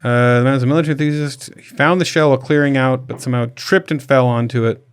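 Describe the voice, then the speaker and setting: Man, podcast host, casual comedic chat, rambling, laughs a lot, mid pitch. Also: fast talker, clean tone. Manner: rambling, laughing, animated storytelling.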